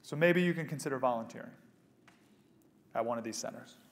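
A man in his thirties giving a live motivational speech to an audience. He is animated and jokes with the crowd, then drops to a soft, hushed voice. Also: medium pitch, brisk. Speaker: speaker at a pro-life event. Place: event venue with a live audience.

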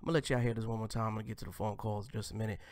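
A man's voice: fairly low pitch, steady tone, racing, no echo, studio quality. A man hosting a live show from home, reacting to a clip with crude, teasing jokes and sudden whispered asides. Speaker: host.

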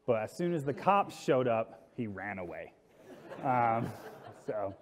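A man on a conference stage tells a funny story in a casual, wry way, slipping into little voices for the people he quotes. His mid-pitched voice carries a long reverb from the big hall around him. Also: big pitch swings, slow, some chatter behind. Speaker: conference speaker. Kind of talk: humorous storytelling talk.

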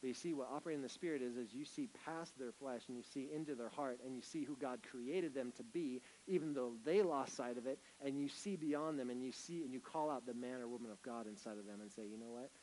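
A man preaching a sermon as pastor, swinging from loud, emphatic bursts to hushed, gentle lines. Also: mid-range voice, fast talker, hardly any pauses, a little hiss or hum, low-quality recording.

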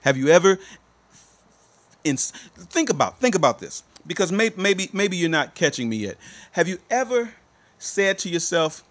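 A man's voice: sits high, very animated, measured pace. Man coaching with rhetorical questions. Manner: preachy, repeats rhetorical questions, swings between soft and emphatic. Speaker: life coach. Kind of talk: motivational monologue to listeners.

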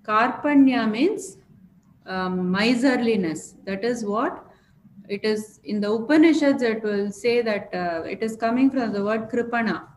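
A woman explaining a scripture word by word in a lecture, pausing often with fillers. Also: fairly high pitch. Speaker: scripture teacher. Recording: echoey room with faint noise.

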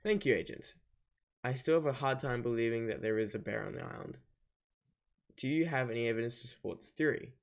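A man's voice: mid-range voice, a little fast, vocal fry, lightly acted. Man reading as a stern penguin spy chief. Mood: businesslike. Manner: plain read-aloud game dialogue. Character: serious penguin agency chief, male.

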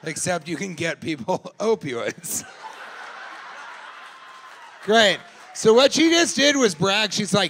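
Gravelly, bright-voiced male comedian doing crowd work. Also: high voice, big pitch swings, measured pace, a little hiss or hum. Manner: riffing, teasing audience members, laughing often; shouts punchlines loudly. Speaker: stand-up comedian. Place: live comedy club.

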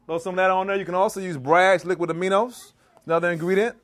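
Here a man's high-pitched voice holds a steady tone at a fast clip. A chef from the DC and Maryland area, Maryland accent and all, he gives a live cooking demonstration in a church hall, playfully quizzing his audience in call and response.

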